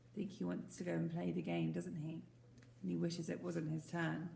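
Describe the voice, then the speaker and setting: Gravelly woman reading a storybook. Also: fairly low pitch, level tone, a little fast, slight background noise. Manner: gentle, asks the listeners questions. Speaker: teacher. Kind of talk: storybook read-aloud. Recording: roomy echo.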